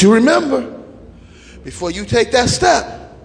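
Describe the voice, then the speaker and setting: High-voiced preacher shouting in a hall. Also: male voice, sing-song, extremely slow, creaky, pauses often, a faint crowd, a little hiss or hum. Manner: shouting, rhythmic repetition, chanted phrases. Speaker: pastor. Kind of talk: sermon.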